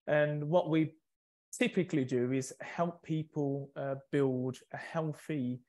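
Brief: keen male guest speaker, higher pitch, upbeat sales energy. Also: fairly even intonation, slow, a little mellow. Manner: upbeat and enthusiastic. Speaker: senior territory manager, guest speaker. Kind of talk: online webinar presentation.

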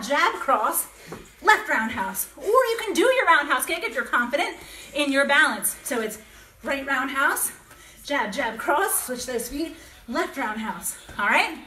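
In a reverberant home workout space with dogs barking close by, a woman leads a kickboxing session, shouting combos in an upbeat, encouraging way. Her voice sits high, bright and forceful, she laughs a lot, and she grows breathless.

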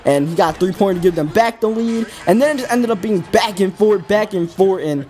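A man's voice: high-pitched, fairly quick, darkish tone. A man hosting a gaming video, giving casual, rambling play-by-play commentary with an exasperated, self-critical tone.

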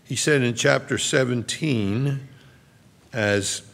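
A man's voice: mid-range voice, slow pace, vocal fry, fairly bright tone, big-room sound. A middle-aged male pastor preaching a sermon in a large church, reading scripture aloud with earnest explanation.

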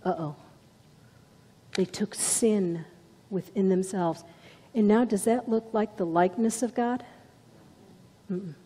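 Woman preacher, sermon, slow deliberate delivery, dramatic storytelling, long church reverb. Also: medium pitch, husky. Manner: dramatic storytelling with soft whispered passages.

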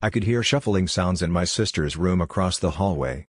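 A man with a very low, husky voice reads a horror story in a measured, grave way. The sound is close and dry, with no room around it. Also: no room sound. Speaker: narrator. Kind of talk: scripted horror story narration.

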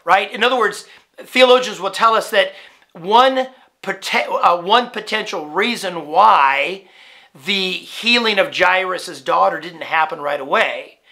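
A man's voice: sits high, pushed and bright. A male pastor preaching a sermon in a conversational way, often checking in with "right?", restarting phrases and building to emphatic rhetorical questions.

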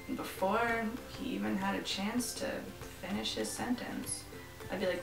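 A woman's voice: mid-range voice, normal speed, creaky. A young woman co-hosting a comedy chat show, telling stories and riffing with her co-host. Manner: animated storyteller, riffs jokingly with her co-host. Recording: roomy and distant, music behind. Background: music.

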